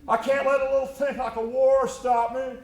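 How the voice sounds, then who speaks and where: A man's voice: high-pitched, animated, unhurried, darkish tone, pitched above the performer's own voice. A man playing an elderly male bar owner and violinist who speaks with grand, world-weary, mock-dramatic flair. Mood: defiant. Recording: echoey live theater recording.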